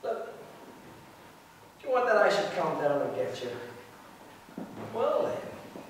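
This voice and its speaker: An amateur actor playing a smooth-talking, flirtatious Hollywood producer in a live stage play, recorded from far off in a hall. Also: male voice, high voice, very animated, takes it slowly, slight background noise, heavily acted. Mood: coaxing. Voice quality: wheedling, charming, eager. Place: theatre stage.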